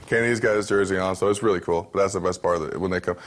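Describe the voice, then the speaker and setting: A man's voice: deep voice, fairly even intonation, very fast. A man in his thirties, a professional football player, talking candidly and easily as an interview guest, with many fillers and restarts. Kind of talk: relaxed interview talk.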